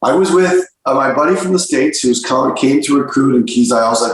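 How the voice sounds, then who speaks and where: A man's voice: medium pitch, fairly quick. A man, a soccer coach, telling stories in a casual interview, full of restarts and repeated words. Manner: animated storyteller, many restarts and repeated words. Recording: very echoey room.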